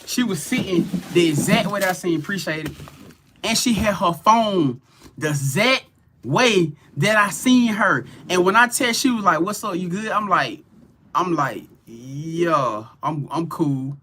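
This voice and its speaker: A man hosting a tarot livestream, telling a personal story in a casual, animated way, swearing freely and talking straight to his viewers. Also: sits high, measured pace. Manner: animated, profane, addresses viewers as y'all. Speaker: tarot reader and livestream host.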